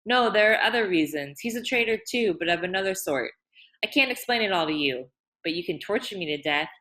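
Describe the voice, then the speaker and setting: A woman's voice: fairly low pitch, lively intonation, brisk, fairly bright tone, rough recording. A woman reading aloud and voicing a hunted male outlaw, bitter and defiant, with tense, clipped replies.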